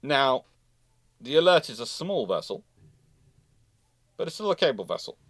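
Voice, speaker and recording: A man lectures on naval history over a livestream in a loose, conversational way. He stumbles and corrects himself as he goes and answers questions from viewers. His voice sits at an average pitch, dry and close. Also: very animated, moderate pace, pauses often, dry recording. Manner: conversational, with fillers and self-corrections.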